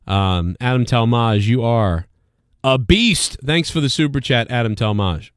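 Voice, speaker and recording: A man's voice: medium pitch, animated, unhurried, dry recording, clean studio sound. A man hosting a livestream, talking bluntly and profanely in rambling casual chat. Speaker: livestream host.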